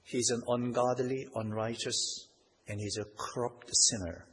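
A man's voice: fairly even intonation, a little slow. A man preaching a sermon, reading scripture aloud and punching key points with rising force. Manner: emphatic, rises in pitch and volume on key points; reads scripture in old-fashioned wording. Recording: long hall reverb, faint background noise.

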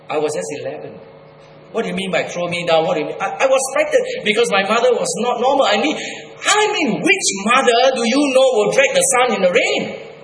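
A man's voice: animated, a little fast, a little hiss or hum. Man preaching in a reverberant hall. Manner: emphatic, repeats and restarts words, swings between loud high bursts and low quiet lines. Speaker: preacher giving his testimony. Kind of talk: sermon testimony. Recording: echoey hall with long reverb, faint ambience.

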